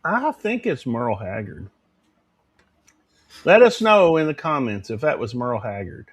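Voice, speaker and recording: A man hosting a casual livestream chat, folksy and animated, swearing casually. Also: mid-range voice, a little slow, husky. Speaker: livestream show host.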